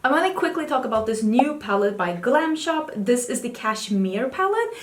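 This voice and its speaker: A woman's voice: on the high side, very animated, normal speed, echoey room. A woman beauty vlogger talking casually about new makeup, chatty and full of fillers, with wry little asides. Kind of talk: casual chat reviewing makeup. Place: room at home with a cat.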